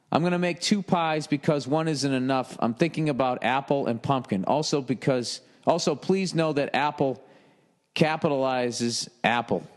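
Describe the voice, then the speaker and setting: A man's voice: medium pitch, big-room sound. A man in his forties hosting a comedy podcast, reading listener emails and answering them in a profane, rambling, jokey way. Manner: profane, rambling, jokey, lapses into mock yelling.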